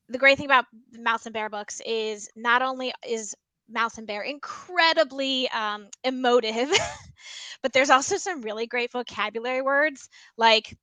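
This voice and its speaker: A woman librarian walks teachers through ways to use a picture book in class. Her voice is bright and a little high. She speaks in a loose, chatty way with frequent ums, recorded dry and close indoors. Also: clean tone, no echo, rough recording. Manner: chatty, many ums, explains by example. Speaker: school librarian. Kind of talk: teaching tips with a read-aloud.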